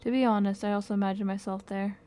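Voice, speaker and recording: A woman reading a game's story text aloud in an expressive, soft-spoken way. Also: medium pitch, quick pace, smooth. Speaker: game playthrough narrator.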